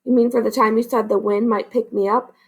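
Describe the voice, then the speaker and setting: A woman's voice: fairly high pitch, steady tone, fairly quick, breathy edge. A woman voicing a touchy, big-eared male fox in a storybook read-aloud. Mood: wounded.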